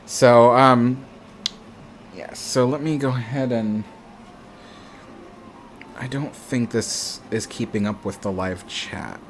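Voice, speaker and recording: Male livestream host, mid-pitched, loose chatty delivery, faint hum behind. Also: fairly even intonation, slow pace, pauses often. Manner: chatty, reads viewer comments aloud, many ums. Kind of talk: casual live chat.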